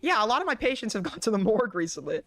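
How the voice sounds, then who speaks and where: A man's voice: high voice, big pitch swings, racing, a bit bright. A man hosting a stream, reacting to a clip with sarcastic, laughing commentary and casual swearing. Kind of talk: mocking live commentary.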